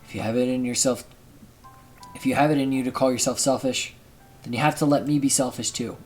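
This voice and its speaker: A man's voice: medium pitch, fairly even intonation, fairly quick, darkish tone, soft background music, lightly acted. An earnest teenage boy from a visual novel pleads with a close friend, as a man reads his part aloud. His delivery is sincere and caring. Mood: earnest, pleading. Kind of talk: reading game dialogue aloud.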